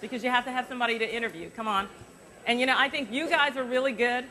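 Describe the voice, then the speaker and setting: A middle-aged woman, a journalist, teaching an interview workshop to students through a lapel mic, chatty and lively, drawing the room in with questions. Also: a little high, quick pace, a crowd in the background. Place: university forum hall. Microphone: lavalier.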